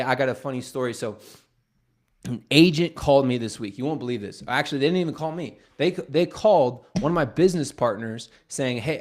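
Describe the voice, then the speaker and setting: A man leading a real estate team, talking casually on a livestream and retelling stories with joking asides and quoted dialogue. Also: mid-range voice.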